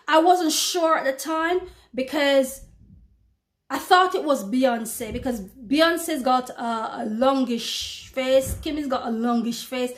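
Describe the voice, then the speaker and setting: Earnest high-voiced woman giving testimony. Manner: earnest, repetitive, addresses listeners as brothers and sisters. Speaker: religious testifier. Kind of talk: spoken religious testimony.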